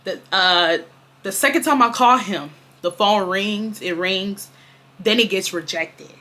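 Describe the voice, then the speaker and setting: Dramatic bright-voiced young woman storyteller. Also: medium pitch, measured pace. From Houston, Texas. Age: 20s. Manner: dramatic, animated, swears freely, addresses viewers as y'all. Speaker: storytime vlogger. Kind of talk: casual storytelling to camera.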